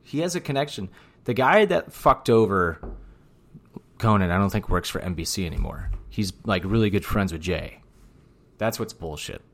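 A man with a low voice co-hosts a casual podcast. He talks bluntly, teases his co-host and slides into ranting. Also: lively intonation, normal speed. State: out of breath. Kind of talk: casual chat.

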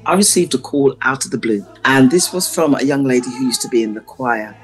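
A woman's voice: a bass voice, lively intonation, fairly quick, faint music behind. A woman choir conductor, a guest in an interview, telling stories with animation and frequent laughter. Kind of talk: interview storytelling.

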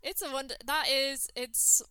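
Bright, giggly woman guest. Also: sits high, fairly even intonation, moderate pace, no room sound. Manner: giggly, playful. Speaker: podcast guest. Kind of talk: casual chat.

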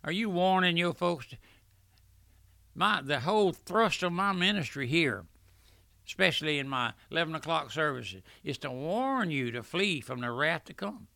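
An older man preaching a fervent radio sermon, swelling loudly at points and breaking into asides. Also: fairly high pitch, animated, moderate pace, vocal fry, no room sound.

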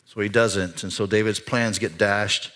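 A pastor preaching a sermon in a church, talking conversationally, climbing higher and louder for emphasis and dropping quiet for serious points. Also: male voice, steady tone, unhurried. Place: church sanctuary.

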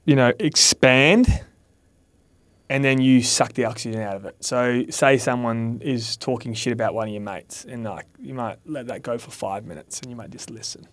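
A man's voice: mid-range voice, normal speed, fairly bright tone, no echo. A man on a podcast giving candid, earnest advice, swearing now and then and acting out quoted lines. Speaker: podcast guest, mentor. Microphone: studio mic.

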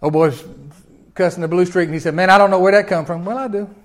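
A man preaching a sermon in a folksy way, swinging from loud emphatic peaks down to quiet low lines. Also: steady tone, fast. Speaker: pastor.

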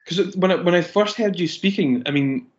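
A man's voice: high voice, fairly quick. Easygoing Scottish man, muffled sound. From Scottish Highlands. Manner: easygoing, laughs often. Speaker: interview guest. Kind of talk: casual interview chat. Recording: dull, lo-fi sound.

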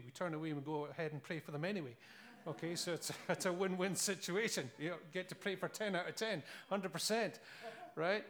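Scottish male preacher, earnest storyteller, slightly higher voice. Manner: earnest, storytelling, with rhetorical questions and laughs. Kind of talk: sermon.

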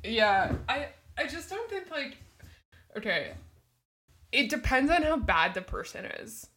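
Young woman podcast co-host, loose and animated, curses freely, laughs a lot. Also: high voice, measured pace, breathy edge. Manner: animated, swearing, laughs often. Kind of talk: casual chat.

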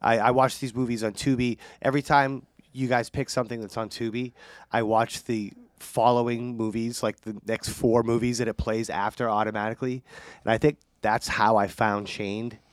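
A man's voice: mid-range voice, little pitch movement, moderate pace, no room sound. A man co-hosting a podcast, chatting casually and eagerly with many fillers. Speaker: podcast co-host. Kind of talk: casual chat.

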